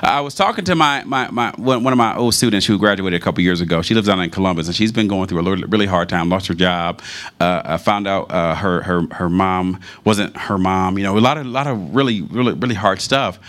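A man preaching a sermon in a conversational, animated storytelling manner. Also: sits low, a little fast.

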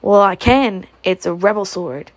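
A woman's voice: medium pitch, unhurried, natural voice. A woman reading the part of an impudent young soldier who jeers and grabs loot. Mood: cocky. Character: impudent little Yankee trooper, young man, grabby. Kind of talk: audiobook character reading.

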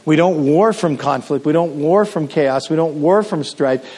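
Man, middle-aged, from Canada, pastor, sermon, conversational, slightly higher-pitched voice. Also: moderate pace, a little mellow, slightly rough. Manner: conversational storytelling, frequent restarts and fillers.

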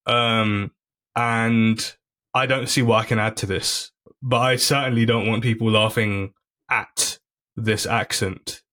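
A man's voice: on the low side, fairly even intonation, slow, pushed and bright. A man, a comedian guest on a podcast, talking earnestly in a casual chat, with many restarts and frequent "you know"s. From United Kingdom.

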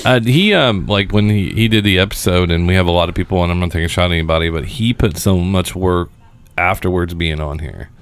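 A man's voice: sits low, a little fast. A man from the southern United States hosting a podcast, chatting casually in a rambling way and restarting his sentences. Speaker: podcast host. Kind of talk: casual chat.

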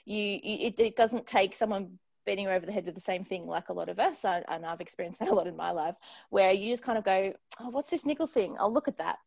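A woman co-hosts a podcast and wraps up the episode with enthusiasm and appreciation. She speaks at an ordinary middle pitch. The recording is dry and close. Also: fast, creaky, darkish tone, dry recording. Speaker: podcast co-host. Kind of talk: casual chat, show sign-off.

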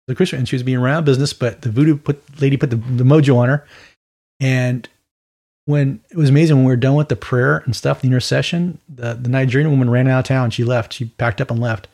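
Male preacher, mid-pitched and raspy, chatty and animated Bible teaching. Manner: conversational and animated, with quick mock voices and asides.

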